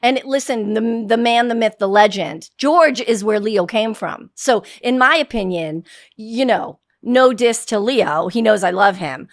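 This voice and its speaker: A woman's voice: on the high side, unhurried, no room sound, clean studio sound. Blunt woman with a faint Boston accent. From Boston area, United States. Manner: blunt, salty storyteller with lively quoted voices. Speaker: guest, actress. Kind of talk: casual interview chat. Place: podcast studio.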